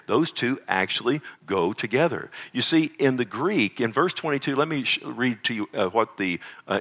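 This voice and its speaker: A man's voice: fairly low pitch, fairly bright tone. An older man preaching a sermon as a pastor, emphatic, asking the listeners rhetorical questions and often restarting his sentences.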